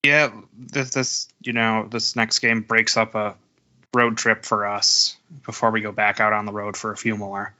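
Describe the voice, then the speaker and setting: Bright-toned podcast co-host recounting games. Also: male voice, lowish voice, unhurried, lo-fi sound. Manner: storytelling, animated recounting. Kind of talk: casual sports chat.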